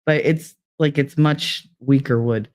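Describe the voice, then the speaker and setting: A middle-aged woman streaming live reads out her chat and rambles from one story to the next, laughing often and leaning on fillers. Her deep bass voice is a little mellow and measured in pace, heard in a room with bare walls and no curtains.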